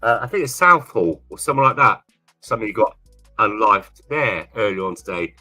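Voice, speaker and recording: A man's voice: lowish voice, expressive, a little fast, pushed and bright, soft background music. A man from England, co-hosting a livestream in rambling, casual chat and repeating himself often. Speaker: livestream co-host.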